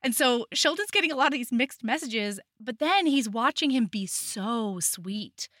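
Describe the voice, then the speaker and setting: A woman co-hosts a chatty book podcast, gushing over the story she recaps. Her voice is bright and fairly high, and the recording is dry and close. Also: expressive, moderate pace, no room sound. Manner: gushing and enthusiastic about the book. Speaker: podcast co-host. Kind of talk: casual book recap chat.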